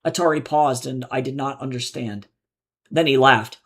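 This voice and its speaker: A man, the author, reading his own novel aloud live in measured, low-key narration. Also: husky.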